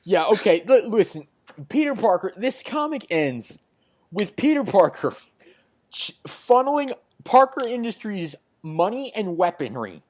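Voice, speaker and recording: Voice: mid-range voice, very animated, measured pace, a little mellow. Rambling comic podcast host. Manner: rambling, many fillers and restarts. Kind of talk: casual comic-book recap.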